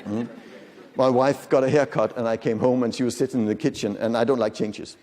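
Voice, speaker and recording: Here a man in his fifties gives a conversational conference talk, joking and putting questions to listeners in a large hall. His medium-pitched voice is steady, somewhat mellow, and fairly quick. The room lends the audio a long, lingering reverb.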